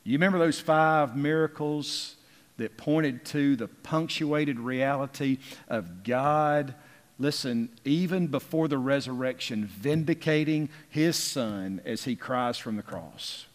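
A man preaching a sermon with emphasis, drawing out key words and rising in force when he reads scripture. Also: medium pitch. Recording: long reverb of a large hall.

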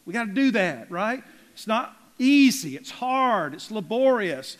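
Male pastor, folksy emphatic sermon delivery, slightly high voice, reverberant sanctuary. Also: expressive, normal speed. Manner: folksy, emphatic preaching with big swings in loudness. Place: church sanctuary.

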